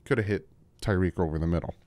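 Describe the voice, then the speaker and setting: A man hosting a casual football film breakdown at a desk microphone, emphatic and repetitive, his voice jumping up when he gets excited. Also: low-pitched, quick pace, no room sound, clean studio sound. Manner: emphatic, repeats points, voice jumps when excited. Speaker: football film-study host.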